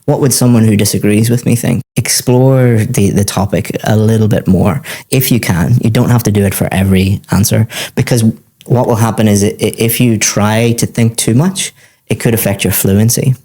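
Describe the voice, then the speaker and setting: Guy teacher going over exam feedback, lowish voice, mellow and patient. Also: normal speed. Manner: patient, methodical, encouraging. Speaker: IELTS teacher giving feedback.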